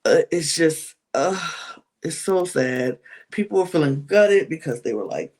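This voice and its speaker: A woman hosting a podcast, recapping a reality show in a chatty, animated way with many restarts. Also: low voice, unhurried, breathy edge.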